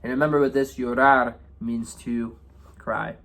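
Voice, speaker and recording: A man teaching Spanish through song lyrics in a relaxed way, often checking in with "right?" and "okay?" as he explains. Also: medium pitch, a little slow, gravelly.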